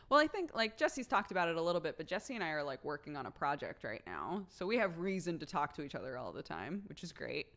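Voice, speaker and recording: Low-voiced chatty American woman streamer. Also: sing-song, normal speed, fairly bright tone. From United States. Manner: chatty, laughs often, many "like" fillers. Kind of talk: casual chat with viewers.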